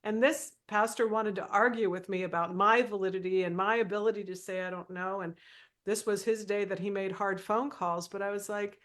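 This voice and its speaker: Animated storytelling woman, mid-pitched voice. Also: a little fast. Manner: animated storyteller, acts out quoted dialogue. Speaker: podcast co-host, former minister. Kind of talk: storytelling in casual conversation.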